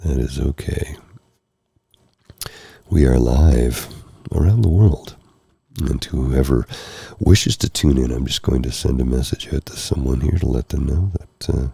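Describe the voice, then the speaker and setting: A tired, hoarse man hosting a soft-spoken ASMR live stream, rambling gently and apologizing often. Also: rumbling low, measured pace, no room sound. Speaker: ASMR host. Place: candlelit room at home. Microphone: close mic for ear-to-ear speaking.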